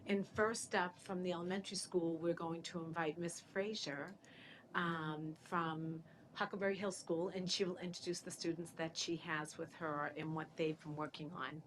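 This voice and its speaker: A woman introducing the next presenter at a meeting, her voice a little low in pitch. She speaks plainly and in an organized way. A faint noise sits behind her. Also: steady tone, normal speed.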